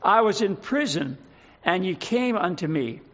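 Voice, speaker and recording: A man preaching a sermon as pastor, praying and reading scripture aloud in a measured way. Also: high-pitched, lively intonation, a bit bright, lo-fi sound. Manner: prayerful, measured, reading scripture in King James wording.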